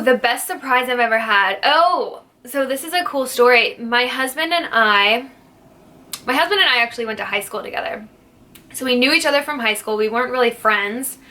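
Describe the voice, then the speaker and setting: A young woman, a fitness instructor, chatting playfully through a casual Q&A vlog, jokey and quick to laugh. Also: fairly high pitch, lively intonation, sharp tone. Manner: jokey, playful, not serious.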